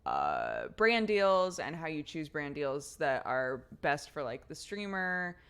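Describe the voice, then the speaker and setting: A young adult woman streamer telling a story in casual chat, animated and chatty. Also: low voice, slow pace, clear, resonant tone.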